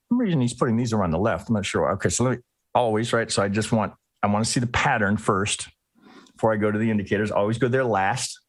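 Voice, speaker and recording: A man's voice: lowish voice, a little fast, long pauses, no echo. A man teaching a live trading lesson, talking through charts and acting out traders' inner thoughts. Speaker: trading educator.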